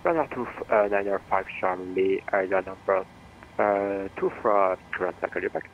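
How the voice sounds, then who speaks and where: Man, French accent, air traffic controller, low voice, hesitant, fillers, radio phraseology. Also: steady tone, narrow, tinny audio. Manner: hesitant, full of fillers, quick delivery.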